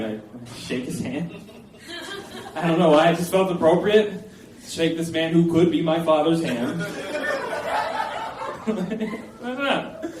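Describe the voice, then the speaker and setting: A man's voice: a little high, moderate pace, pauses often. A man in his late twenties telling a comic personal story at a live storytelling event, rambling and self-mocking, with lots of filler words. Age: late 20s. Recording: echoey room, voice from a distance, faint background noise.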